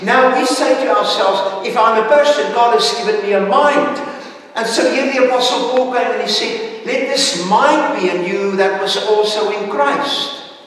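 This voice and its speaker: A man's voice: very high-pitched, normal speed, a bit bright. A man preaching a sermon at a Sunday church service, earnest and sometimes hesitant with fillers. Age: older. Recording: echoey hall from far off.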